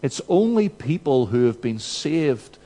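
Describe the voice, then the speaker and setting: A man's voice: medium pitch, sing-song, measured pace, mellow. A male preacher giving an expository sermon, emphatic and full of rhetorical questions.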